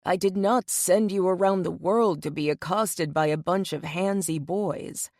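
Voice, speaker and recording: A woman reading an audiobook, voicing a protective, doting middle-aged father who is gruff and worried. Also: fairly low pitch, measured pace, a little mellow, no room sound, studio quality. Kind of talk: audiobook character voice.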